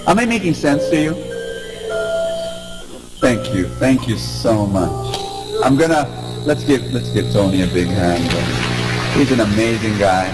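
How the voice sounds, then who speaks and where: A man giving an animated inspirational talk to a live audience, prompting the crowd to respond. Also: mid-range voice, unhurried, long pauses, loud music behind the voice, low-quality recording. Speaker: preacher.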